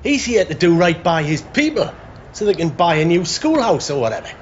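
An actor playing a decent, worried working-class builder in a television drama. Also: male voice, a little high, sing-song, a little fast, muffled recording, slight background noise. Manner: earnest, worried.

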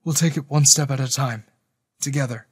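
Man doing a wounded young soldier, hoarse, gentle, devoted, tender delivery, dry close sound. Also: medium pitch, normal speed, no echo, lightly acted. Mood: reassuring.

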